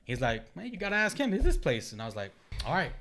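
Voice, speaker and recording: Bright-voiced man telling lively stories. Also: a little high, fast talker, a little hiss or hum. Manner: animated, acts out quoted dialogue, swears and laughs often. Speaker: podcast guest. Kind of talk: casual chat, storytelling.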